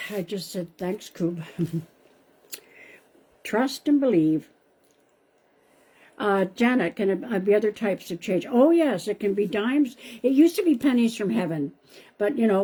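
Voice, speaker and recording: A woman's voice: medium pitch, warm tone, breathy edge. A woman hosting a live stream as a psychic medium, chatting casually and calling viewers by name, often repeating herself. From Canada.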